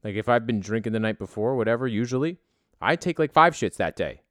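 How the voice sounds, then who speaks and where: A man's voice: medium pitch, expressive, fairly quick, fairly bright tone, no room sound, studio quality. A man telling a rambling travel story in a profane, self-deprecating, casual way.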